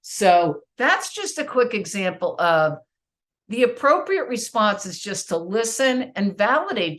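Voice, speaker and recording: A middle-aged woman co-host talks with a very lively, swooping pitch. Her voice sits in the middle of the usual range for a woman. She explains in a casual, teaching way and acts out short exchanges between parent and child. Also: unhurried. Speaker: podcast co-host.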